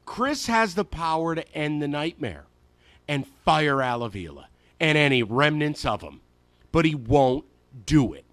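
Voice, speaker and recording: A sports radio host in full rant, sarcastic and emphatic. His pitch leaps around in lively swings, and he sits slightly high for a man. The studio mic is close and dry. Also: measured pace, dry recording. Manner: animated, sarcastic, emphatic ranting. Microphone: studio microphone.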